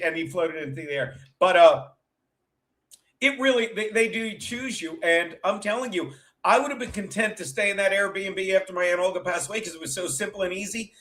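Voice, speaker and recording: A man's voice: sits high, a bit bright. A man hosting a show as a comedian, telling rambling stories in a casual, profane, chatty way. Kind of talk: casual rambling storytelling chat.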